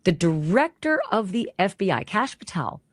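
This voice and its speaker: A woman's voice: mid-range voice, big pitch swings, normal speed, a crowd in the background. A woman narrating a true-crime recap in a suspenseful storytelling way.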